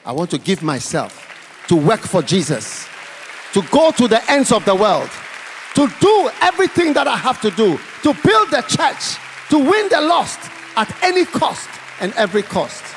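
With a high voice and big pitch swings, a guest preacher speaks at normal speed through an impassioned altar call, repeating phrases, exhorting the crowd, and speaking in tongues. He is in a large church hall, and the recording has a long reverb tail and a little hiss or hum.

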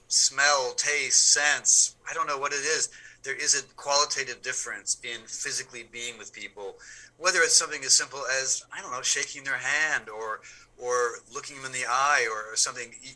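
Bright-voiced male actor, animated chat. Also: mid-range voice, low-quality recording. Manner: animated, repeats words when building a point. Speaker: actor, interview guest. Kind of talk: casual interview conversation.

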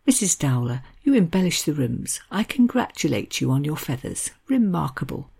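A woman's voice: low-pitched, moderate pace, creaky, breathy edge, full character voice. A woman putting on a pompous fawning master of ceremonies. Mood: gushing. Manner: effusive, flattering. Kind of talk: reading aloud from a classic novel.

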